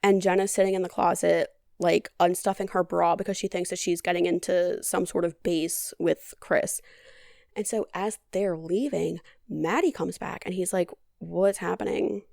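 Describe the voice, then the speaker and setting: A woman's voice: on the low side, fairly even intonation, moderate pace, creaky, a little mellow, dry recording. A woman hosting a podcast, recapping a movie in a chatty, casual way with dry, sarcastic humor and a lot of "like". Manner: chatty, heavy on "like". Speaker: podcast host.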